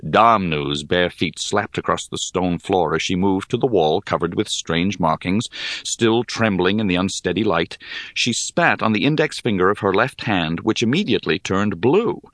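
A man reading a story aloud in measured, expressive narration. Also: deep voice, no echo, studio quality. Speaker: audiobook narrator. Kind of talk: scripted narration.

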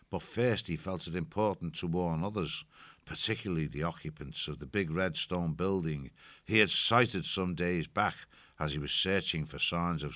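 A man narrating an audiobook in a measured, steady storytelling manner. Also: low-pitched, no room sound. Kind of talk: audiobook reading.

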